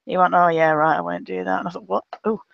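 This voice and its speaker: A man with an English accent chatting casually as a co-host, wry and quick to laugh. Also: sits high, vocal fry, smooth, no echo, lo-fi sound. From England. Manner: wry, laughs often, swears. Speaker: podcast co-host. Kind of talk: casual online chat.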